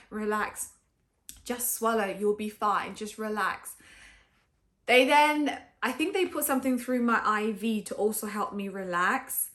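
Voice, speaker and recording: A woman's voice: fairly high pitch, fairly bright tone. A woman telling a personal story to camera in a chatty way, full of fillers and acted-out quotes. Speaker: vlogger.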